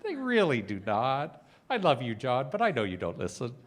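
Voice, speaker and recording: Middle-aged male speaker, conversational sermon, lively pitch, wry humor. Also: normal speed. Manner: conversational storytelling with humorous asides. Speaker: spiritual speaker. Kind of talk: personal sermon talk.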